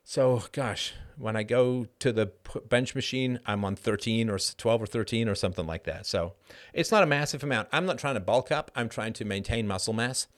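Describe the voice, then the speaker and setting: A middle-aged man hosting a live show, answering chat questions in an animated monologue that keeps tossing in a rhetorical "right?". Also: mid-range voice, moderate pace, hardly any pauses. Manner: animated, frequent rhetorical "right?", laughs mid-sentence. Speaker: host.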